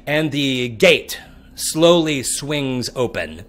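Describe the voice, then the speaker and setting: Slow-talking man narrating a tabletop game. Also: medium pitch, lively intonation. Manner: slow descriptive narration with restarts. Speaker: dungeon master.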